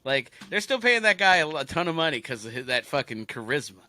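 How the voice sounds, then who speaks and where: A man co-hosting a podcast, cracking crude jokes and plugging the show in a casual, animated way. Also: on the high side, brisk, no room sound. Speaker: podcast co-host. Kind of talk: casual chat.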